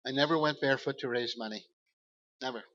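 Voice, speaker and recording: A man speaking earnestly at a church service, halting often with fillers as he presents slides. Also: medium pitch, sharp tone, long reverb tail, lo-fi sound.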